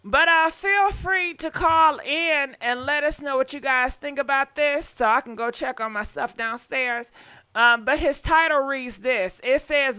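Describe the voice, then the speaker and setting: A woman's voice: sits high, pushed and bright, smooth. A woman hosting a gossip live stream, chatting casually with viewers and cursing now and then. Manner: chatty, swears, talks straight to viewers. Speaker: gossip channel host.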